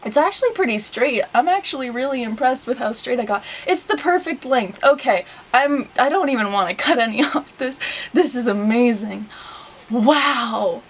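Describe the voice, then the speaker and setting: A young woman talking excitedly to her camera at home, gasping and often dropping to a whisper. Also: on the high side, moderate pace, slightly rough. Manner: excited and breathless, gasps and often whispers to herself. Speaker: vlogger. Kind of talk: casual vlog monologue.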